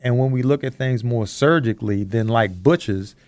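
A man co-hosting a podcast, talking in an earnest, reflective way as he slowly builds his points. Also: mid-range voice, darkish tone, no room sound. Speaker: podcast co-host. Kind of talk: casual discussion.

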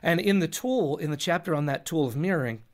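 A man's voice: a little high, lively intonation, fairly quick. A man, a pastor and podcast guest, earnestly explaining with everyday examples and repeating words as he thinks. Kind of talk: earnest advice in a recorded talk.

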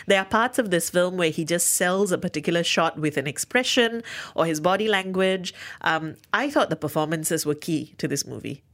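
A woman co-hosting a radio film review, gushing enthusiastically about what she has watched. Her voice sits slightly low, and she talks in a casual way. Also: moderate pace, a bit bright. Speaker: radio show co-host.

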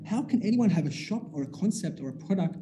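A man's voice: sits high, lively intonation, quick pace, background noise. A man, telling a story in casual chat, acting out the dialogue with animation and swearing casually. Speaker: business owner telling a story.

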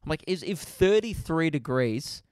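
A man's voice: on the high side, a little slow, clear, resonant tone, dry recording, studio quality. A young Australian man hosting a comedy podcast, telling a story in a casual monologue, laughing often and jumping into voices. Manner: animated, laughs often, jumps into voices and whoops.

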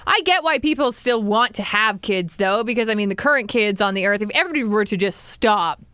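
A woman in casual podcast chat, talking in quick tangents with many fillers. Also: mid-range voice, lively intonation, sharp tone, clear, resonant tone, no echo, studio quality.

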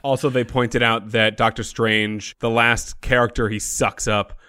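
Male podcast co-host, smooth clear voice, dry close sound, brisk offhand delivery. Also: mid-range voice, level tone, sharp tone, no room sound. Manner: quick, offhand, reads lists very fast. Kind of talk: casual chat.

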